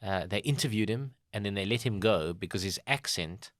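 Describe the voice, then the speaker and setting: A man from South Africa co-hosting a comedy podcast, chatty and quick to laugh. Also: lowish voice, lively intonation, fairly bright tone, no echo, clean studio sound. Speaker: podcast co-host. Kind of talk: casual comedy chat.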